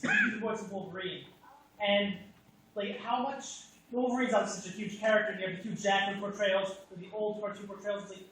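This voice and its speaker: A man's voice: sits high, fairly bright tone, a little hiss or hum. A man in the audience asking a hesitant, rambling question at a panel. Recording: echoey hall from far off.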